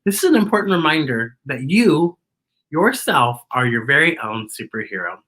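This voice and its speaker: A woman hosts a children's story time, reading a picture book aloud in a playful, animated way and talking straight to the young listeners. Her voice sits a little low but sounds bright, and her pitch swings widely. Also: moderate pace, breathy edge.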